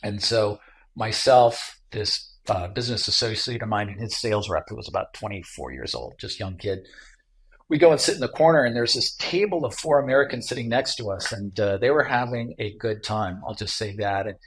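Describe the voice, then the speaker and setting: A man's voice: fairly low pitch, brisk. A middle-aged man from Michigan, a tech entrepreneur guest, telling a travel anecdote in a casual interview, with lots of fillers and restarts. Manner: animated anecdote teller with many fillers.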